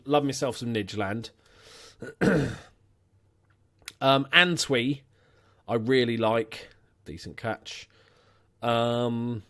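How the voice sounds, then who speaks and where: A young man talks through his football management game in a loose, conversational way. He swears freely and breaks into excitable bursts when the match heats up. His voice sits at a plain middle pitch. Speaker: gaming channel host. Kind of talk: casual football management let's play commentary.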